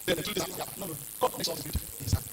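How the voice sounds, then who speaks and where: A man, preaching and giving announcements in a church, talking quickly with sudden high exclamations. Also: heavy background noise. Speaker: minister. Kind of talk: sermon and announcements. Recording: distant mic with loud music behind.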